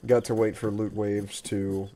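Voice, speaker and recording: A young man with a somewhat low voice streams a survival game and talks it through casually. He rambles and cracks wry jokes. Faint hiss sits under the mic. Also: little pitch movement, a little slow, dark tone. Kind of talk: casual gaming chat.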